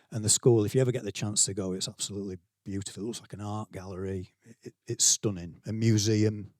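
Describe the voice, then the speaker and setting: Brief: middle-aged Yorkshire man at a conference, chatty keynote storyteller, lower voice, dry close sound. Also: darkish tone, no echo. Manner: conversational, self-deprecating, acts out quotes. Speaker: keynote speaker, school leader. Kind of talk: conference talk, anecdotal storytelling. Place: conference venue, speaking to staff.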